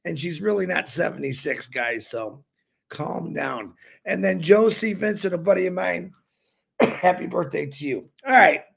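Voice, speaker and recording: High, gravelly-voiced male co-host. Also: expressive, a little slow. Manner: warm, jokey, reads birthday names and prayer requests. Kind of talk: casual live-stream chat.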